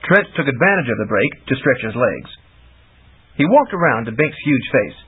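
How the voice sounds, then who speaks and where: A man narrating a fantasy audiobook in an animated storytelling way. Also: mid-range voice, normal speed, slightly rough. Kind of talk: scripted narration. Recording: tinny lo-fi audiobook recording.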